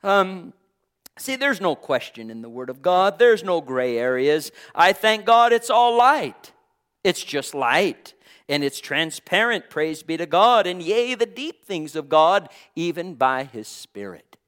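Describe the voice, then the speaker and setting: A man with a somewhat high voice preaching with fervor. He repeats phrases in a rolling cadence and scatters "praise God" through his lines. His volume swings from ringing declarations down to hushed, almost whispered words. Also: sing-song, unhurried, clean tone. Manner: fervent, peppered with "praise God" and "hallelujah"; repetitive, rhythmic preaching cadence. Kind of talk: sermon.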